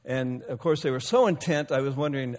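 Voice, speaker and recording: A man in his fifties or older preaching a sermon, telling a personal story in a relaxed, conversational way with self-deprecating asides. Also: medium pitch, fairly quick, a little hiss or hum. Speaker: pastor. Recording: long hall reverb.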